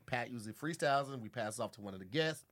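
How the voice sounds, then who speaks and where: Man, comedy podcast host, bright voice, profane hype-man energy. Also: medium pitch, animated, very fast. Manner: profane, hyped, laughing, MC-style introductions. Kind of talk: loose comedic banter.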